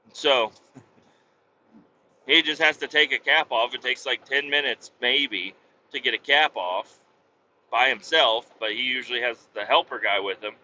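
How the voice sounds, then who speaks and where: A man's voice: mid-range voice, pushed and bright. A man telling a long work story in a casual monologue. He talks bluntly, swears freely and often restarts his sentences. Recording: dull lo-fi sound with faint vehicle hum.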